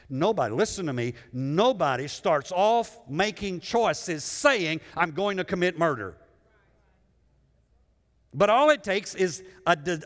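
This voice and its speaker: A male pastor preaching a sermon with dramatic swings between loud emphasis and hushed lows. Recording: long hall reverb.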